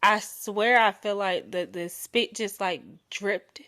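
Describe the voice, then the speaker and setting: A young adult woman hosting her own podcast, talking frankly and playfully in a solo chat, drawing out and softening her voice on intimate words. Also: medium pitch, steady tone, takes it slowly. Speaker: podcast host.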